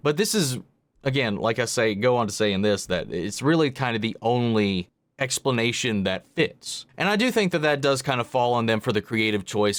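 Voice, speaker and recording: A man talks casually as he hosts a reaction video. His speech rambles, full of fillers and false starts, and it sits at an ordinary middle pitch. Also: fairly bright tone, clean tone, no echo. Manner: rambling, filler-heavy talk with frequent restarts.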